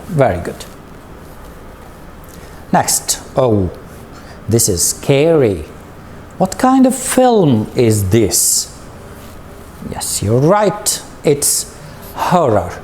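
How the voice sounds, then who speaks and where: Guy teaching english slowly, lots of up and down in his voice, asks the class stuff, soft noise underneath. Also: mid-range voice. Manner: patient, drawn-out, leads with questions. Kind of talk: slow recorded classroom lesson.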